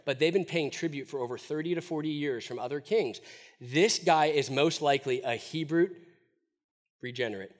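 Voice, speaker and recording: A man delivers a sermon, lively and emphatic, often breaking off to fire rhetorical questions at his listeners. His voice sits a little higher than most men's. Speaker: preacher.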